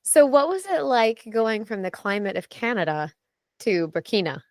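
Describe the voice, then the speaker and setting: A woman's voice: fairly high pitch, very animated, normal speed, no room sound. A woman hosting a casual podcast interview, asking questions with enthusiasm and friendly reactions. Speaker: podcast host interviewing missionaries.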